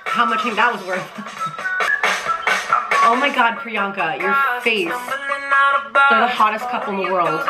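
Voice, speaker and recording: Young woman gushing over a music video, bouncy high voice, music going in the background. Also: measured pace, long pauses. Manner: gushing, excitable. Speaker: YouTube reaction host. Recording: music video playing behind.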